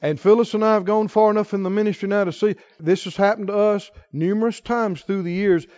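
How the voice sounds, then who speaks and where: A middle-aged male pastor preaching a sermon, moving between quiet emotional storytelling and forceful exhortation. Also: high-pitched, dry recording, highs cut off.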